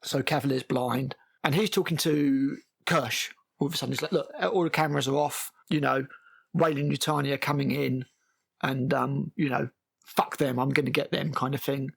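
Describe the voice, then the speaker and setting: A man's voice: mid-range voice, steady tone, moderate pace, vocal fry, fairly bright tone, breathy edge. A man giving a casual, exasperated, sweary spoken TV review. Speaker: TV critic.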